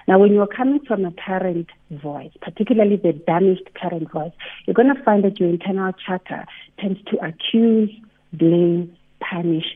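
A woman psychologist explaining on a radio show over the phone, animated, acting out inner voices. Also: fairly low pitch, normal speed. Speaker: psychologist guest. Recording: tinny phone line.

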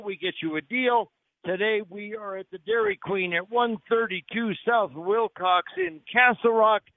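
A radio talk show host on location plugs a restaurant live, cracking jokes in an upbeat salesman's manner. The voice is high, and the dry, narrow audio sounds like a phone line with no room sound.

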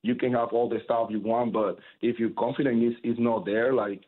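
A man's voice: mid-range voice, flat delivery, brisk. Man on a tinny phone-like line. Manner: rambling with many fillers and restarts. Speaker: professional baseball pitcher. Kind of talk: casual interview answers.

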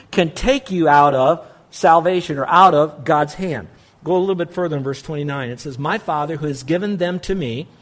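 A male pastor preaching with emphatic, repetitive stress on his points. His voice sits a little higher than most men's. He talks straight to the congregation. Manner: emphatic preaching with repeated phrases. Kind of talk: sermon.

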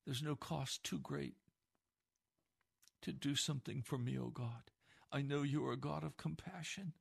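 Gravelly-voiced male preacher, hushed to pleading. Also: medium pitch, measured pace, long pauses. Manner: impassioned, swings from hushed to pleading. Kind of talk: sermon.

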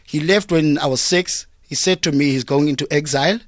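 A South African man, a comedian guest in a radio studio, telling jokes in a deadpan storytelling way. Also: fairly high pitch, brisk, no echo. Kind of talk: joking radio interview chat. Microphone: studio microphone.

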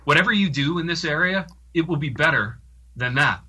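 A man co-hosting a podcast, telling an anecdote in casual, animated, self-deprecating chat. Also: on the high side, brisk, husky. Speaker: podcast co-host.

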